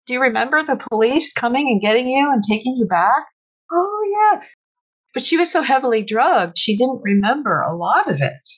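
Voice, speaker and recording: A woman author telling stories from her research in an animated conversational way, with sudden bursts of laughter. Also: a little high, brisk, hardly any pauses, breathy edge, dull audio. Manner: animated, breaks into shrieks and laughter when retelling. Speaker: author guest. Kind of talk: conversational storytelling.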